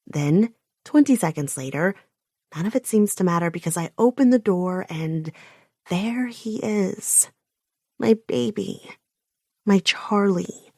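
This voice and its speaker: A woman narrating a first-person audiobook with intense, emotional delivery and sharp outbursts. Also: lowish voice, expressive, unhurried, no room sound, studio quality.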